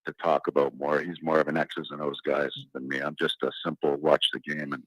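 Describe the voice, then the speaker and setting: A man's voice: rumbling low, little pitch movement, fairly quick, fairly bright tone, dry recording, low-quality recording. A man calling in to a sports show, plainspoken and a bit stumbling, repeating his words. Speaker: caller. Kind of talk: phone-in sports chat.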